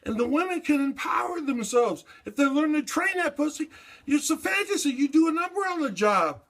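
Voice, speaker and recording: A man's voice: extremely high pitch, very animated, normal speed, fairly bright tone. An older man delivering a rambling, profane, agitated monologue that jumps erratically from one subject to the next. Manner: erratic, profane and agitated, jumping between topics.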